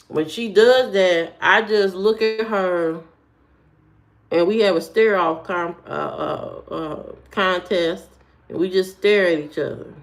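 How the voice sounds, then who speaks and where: An American woman streaming and answering chat in a sassy, joking, slangy way, talking straight to her viewers with frequent fillers. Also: medium pitch. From United States. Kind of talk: casual chat.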